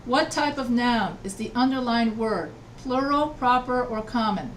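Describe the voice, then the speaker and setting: A woman writing instructor leads an online class with patient repetition, checking that everyone follows along. Her voice sits a little high and sounds far from the laptop mic. A faint hum runs under the video-call audio. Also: unhurried.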